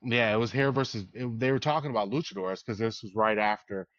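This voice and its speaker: A man's voice: on the low side, a little fast, no room sound. A man co-hosting a podcast, telling long rambling stories with laughs and curses in casual chat. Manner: rambling storyteller, swears, laughs often. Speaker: podcast co-host. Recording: dull dry lo-fi sound.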